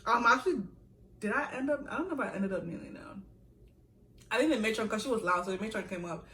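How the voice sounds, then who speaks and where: A young woman vlogger telling a story in a casual, animated way, with laughs and asides. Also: fairly high pitch, quick pace. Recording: echoey room, a little far from the mic.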